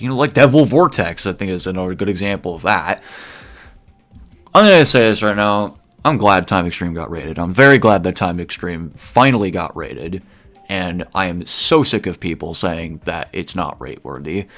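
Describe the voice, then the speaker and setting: Guy with a lowish voice doing casual gaming commentary, opinionated, rambly, says like a lot. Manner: opinionated, rambling, heavy use of "like". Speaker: gaming video creator.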